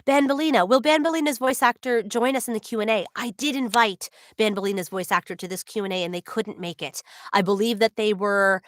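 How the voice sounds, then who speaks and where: A woman's voice: mid-range voice, fairly quick, few pauses, dry recording, studio quality. A young adult woman, a voice actor, chatting casually on a livestream, answering fan questions with many ums and giggles.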